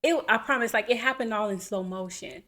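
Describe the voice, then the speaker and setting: A woman in her thirties, a podcast co-host, telling a personal story in an animated, casual way and acting out what people said. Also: medium pitch, a little fast. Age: 30s. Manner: animated, acts out quotes, laughs while telling.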